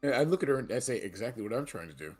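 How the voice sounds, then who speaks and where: A man's voice: medium pitch, big pitch swings, rapid-fire, breathy edge, soft background music. A man playing a tabletop game, rambling and restarting, switching into his character's lines. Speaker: player. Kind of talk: casual tabletop role-play.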